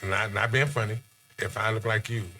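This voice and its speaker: A man from Texas, chatting casually on a podcast and telling animated stories with acted-out quotes. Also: on the low side, normal speed, a little hiss or hum.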